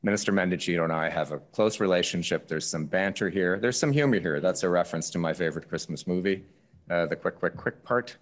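Low-pitched male official, measured explanatory testimony. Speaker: government minister.

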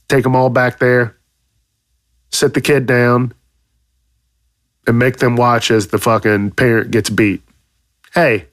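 A man hosting a podcast, delivering a profane comedic rant with loud, exaggerated outrage and plenty of swearing. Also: mid-range voice, dry recording, clean studio sound. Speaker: podcast host.

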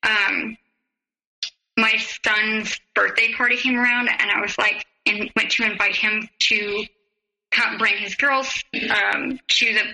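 A woman guest telling her own story in an interview, close to tears, halting and full of fillers. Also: medium pitch, fairly even intonation, bright, forceful tone, a little hiss or hum, poor audio. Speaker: podcast guest.

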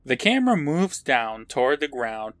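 A man recaps the story in a loose, chatty way, his pitch bouncing up and down as he narrates. He laughs often and swears without a second thought. The sound is close and dry, with no room around it. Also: sing-song, normal speed, fairly bright tone, no room sound, faint music behind. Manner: laughs while narrating, swears casually, acts out quotes. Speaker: podcast co-host. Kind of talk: casual episode recap.

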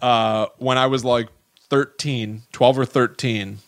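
Casting: male podcast co-host, middle pitch, loose rambling storyteller, dry booth sound. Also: steady tone, slow pace, no echo. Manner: rambling, many likes and restarts. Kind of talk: casual chat.

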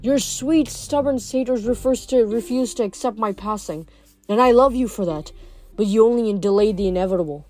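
A woman voicing an ancient, fading male nature god, speaking softly and sorrowfully. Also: a little high, lightly acted. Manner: soft, slow, sorrowful delivery.

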